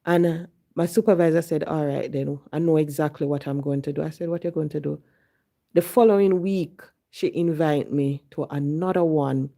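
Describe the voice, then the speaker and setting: Jamaican woman, low dark voice, personal storytelling, slips into patois. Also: moderate pace, vocal fry. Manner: animated storytelling, slipping into Jamaican Patois for quoted thoughts.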